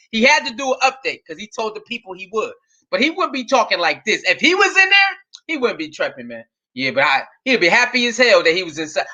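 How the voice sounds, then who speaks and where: Stream host, male, casual reaction talk, lively pitch, lo-fi audio. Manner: laughs often, repeats phrases, reads chat aloud.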